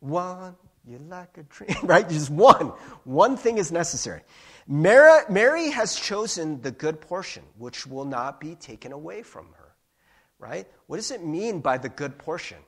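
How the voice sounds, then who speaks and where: A man preaching a sermon in an animated, playful way. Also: a little high, moderate pace, husky. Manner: animated and playful, with laughs and sung bits. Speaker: pastor.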